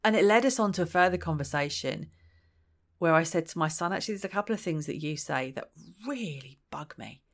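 A woman's voice: deep voice, animated, brisk. A woman giving a chatty, reflective solo talk as a parenting practitioner, thinking aloud and acting out quoted lines.

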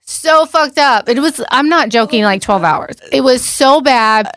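Forties lady spilling a crazy story on a podcast, kinda high voice, laughs and swears a lot, dry close mic. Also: a little slow, no room sound. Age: 40s. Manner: animated, laughing, swearing freely. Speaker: podcast co-host. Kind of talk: casual storytelling chat.

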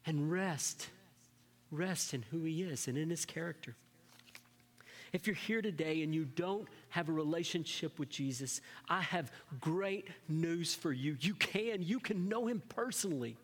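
A man preaching a sermon as pastor, shifting between lively emphasis and soft, hushed moments. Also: on the high side, unhurried. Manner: dynamic preaching, drops to soft whispers for emphasis. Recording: long hall reverb.

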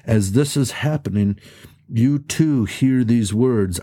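Man, sermon, earnest, rhetorical questions, dry close sound, warm low voice. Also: slow, dry recording. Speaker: pastor.

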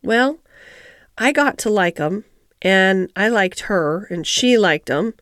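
Ben Weatherstaff, a woman doing a gruff old Yorkshire gardener. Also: medium pitch, lively intonation, no room sound, studio quality, natural voice. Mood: grudging. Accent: Yorkshire dialect. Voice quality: gruff, grumbling. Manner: slow, reluctant, terse. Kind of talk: audiobook character voice.

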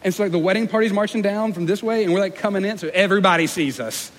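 A young man preaching a sermon as pastor, in a conversational, self-deprecating way, with lively acted-out quotes. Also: high-pitched, fast. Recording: long hall reverb with faint room noise.

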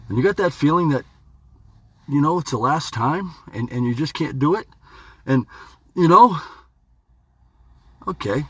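Folksy male podcast host, bright voice swinging wildly up and down, playful self-talk. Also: medium pitch, husky. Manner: folksy, playful, talks to himself. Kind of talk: rambling motivational monologue. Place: home studio.

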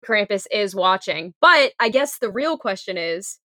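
A woman with a mid-range voice and a bright, forward tone, recorded dry and close. She muses through her ideas as a podcast co-host, circling back with "like" as she works out her point. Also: mid-range voice, expressive, unhurried, no room sound. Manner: thinks aloud, frequent "like" and laughs. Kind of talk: casual film discussion.

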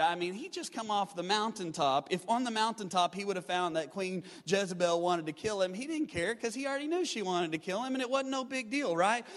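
High-voiced preacher in a reverberant hall. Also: male voice, a bit bright. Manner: emphatic, call-and-response exhortation. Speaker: pastor. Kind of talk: sermon.

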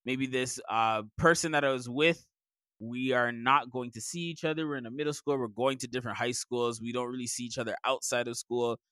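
A man's voice: fairly even intonation, brisk, pushed and bright, smooth, no echo, studio quality. A young man co-hosting a teacher podcast, telling classroom stories in casual chat. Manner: storytelling, acts out students in a high voice. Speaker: podcast co-host, middle school teacher.

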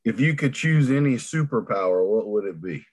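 Lively man host firing quick questions. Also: on the low side, husky. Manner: lively, playful, asks short questions. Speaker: interview host. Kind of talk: rapid-fire interview questions.

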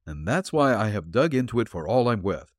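A man reading the part of a calm, shrewd male detective who explains his clues dryly. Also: fairly low pitch, no echo. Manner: dry, explanatory, deliberate.

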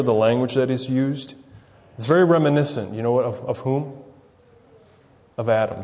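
A man preaching a sermon, peppering it with rhetorical questions and swinging between loud emphasis and quiet asides. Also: medium pitch. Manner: rhetorical, keeps asking "right?". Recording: dull sound with long reverb.

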